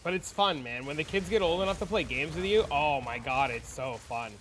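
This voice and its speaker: High-voiced man chatting on stream. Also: fairly quick. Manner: loose and profane, with animated storytelling. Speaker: game streamer; father of young kids. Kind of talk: casual livestream chat.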